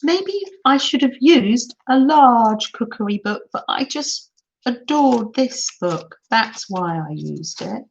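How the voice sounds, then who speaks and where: An older woman hosts a craft livestream, speaking slowly in a fairly high, expressive voice with vocal fry. She chats affectionately with viewers and reads out their comments in a gushing, exclamatory way, over dull, lo-fi stream audio with faint noise.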